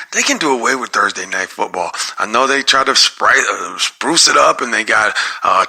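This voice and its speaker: Man, sports podcast host, gravelly voice, bright forceful tone, rambling rant. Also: medium pitch. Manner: rambling, repeats himself, gets worked up.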